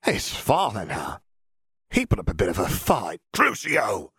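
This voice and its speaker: A man's voice: deep voice, huge pitch swings, a little slow, vocal fry, fairly bright tone, slightly rough, no echo, clean studio sound, pitched above the performer's own voice, exaggerated voice. A man voicing a cruel woman torturer who screeches her spells. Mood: mocking.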